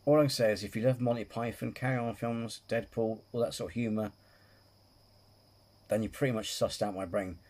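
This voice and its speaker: Husky, giggly man reacting to videos. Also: on the low side, steady tone, fairly quick, a little mellow. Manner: chatty, giggly, self-mocking crude humour. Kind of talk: casual reaction commentary.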